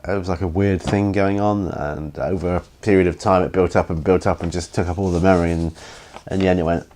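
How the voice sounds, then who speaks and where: A tired man hosting a hobby Q&A, rambling and hesitant with many pauses and ums, yawning as he goes. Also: deep voice, fairly even intonation, a little mellow, a little hiss or hum. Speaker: hobby channel host answering viewer questions. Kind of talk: casual Q&A chat.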